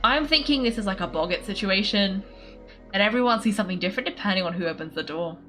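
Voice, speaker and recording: A woman's voice: mid-range voice, expressive, fast talker, sharp tone, soft background music. A woman hosting a let's-play, giving casual, playful commentary and laughing often as she reacts to the game. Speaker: gameplay host.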